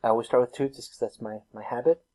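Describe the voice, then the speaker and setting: A man's voice: mid-range voice, steady tone, fast talker, mellow. Casual, self-teasing male math teacher. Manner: casual, self-deprecating, laughs at himself; talks through work step by step. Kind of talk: recorded math lesson.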